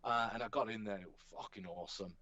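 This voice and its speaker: A man, a professional wrestler chatting as a podcast guest, telling animated stories and swearing casually. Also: fairly low pitch, fast, no echo. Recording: dull, dry podcast recording.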